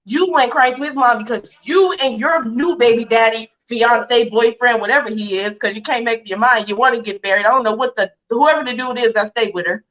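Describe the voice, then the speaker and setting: A fairly high-voiced woman speaks over a video call, defiant and indignant. She fires off question after question at her critics. The stream audio sounds dull and muffled. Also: fairly quick, hardly any pauses, fairly bright tone. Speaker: interview guest. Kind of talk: heated livestream interview.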